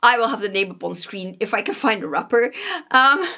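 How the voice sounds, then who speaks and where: A woman's voice: mid-range voice, expressive, a little fast, pushed and bright. A woman knitting vlogger at home, talking casually and rambling with fillers and self-corrections, giggling now and then. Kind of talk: casual chat. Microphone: vlogging camera.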